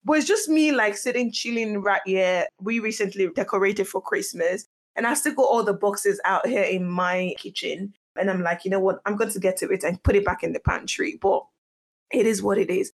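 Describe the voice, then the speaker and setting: A young woman hosting her own podcast from her kitchen at home, talking in a chatty, excitable way and often laughing. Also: mid-range voice, moderate pace. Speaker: podcast host. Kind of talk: casual solo podcast chat.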